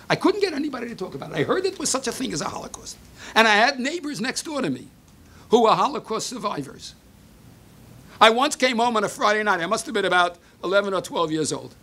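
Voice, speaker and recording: An older man giving a sermon, telling a story with Hebrew phrases mixed in, moving between hushed and emphatic delivery. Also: high-pitched. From United States. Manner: mixes Hebrew phrases into English.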